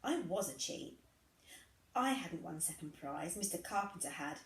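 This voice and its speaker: A woman reading a first-person story aloud in an expressive, conversational way. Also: fairly low pitch, normal speed, roomy sound, low-quality recording. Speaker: reader.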